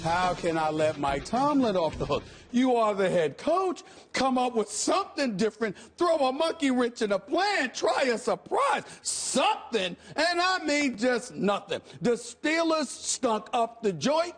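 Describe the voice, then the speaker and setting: A man's voice: very high voice, sing-song, measured pace, soft background music. A man on a sports debate show, ranting emphatically and repeating himself, worked up and disgusted. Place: television studio.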